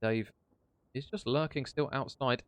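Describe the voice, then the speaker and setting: A man's voice: medium pitch, a little slow, no room sound. Man casting an esports match. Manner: chatty, banters with co-caster between rounds. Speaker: esports caster. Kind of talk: live esports play-by-play commentary.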